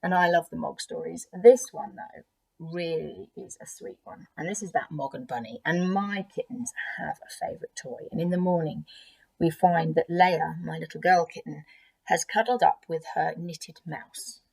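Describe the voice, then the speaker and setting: A woman teacher reading a picture book aloud to children, expressive and gentle, with chatty asides. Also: lowish voice, normal speed, vocal fry, slightly rough.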